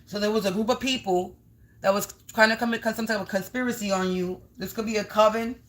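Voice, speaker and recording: A woman's voice: mid-range voice, steady tone, quick pace, fairly bright tone. A woman doing a live energy reading, speaking bluntly and with a lot of profanity, calling her viewers "Collective" and rambling through long lists of words. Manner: talks straight to viewers as "Collective". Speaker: spiritual energy reader. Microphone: streaming live on camera.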